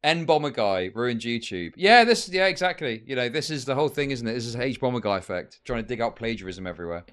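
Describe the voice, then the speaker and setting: A man doing a live-stream reaction, loud and mocking, swearing often and mimicking people. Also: medium pitch, sing-song, quick pace, few pauses.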